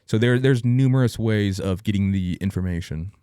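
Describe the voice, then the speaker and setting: A man as an interview guest, soft-spoken and brief, answering the host. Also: fairly low pitch, normal speed, smooth, dry recording, studio quality. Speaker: guest, veterans nonprofit program manager.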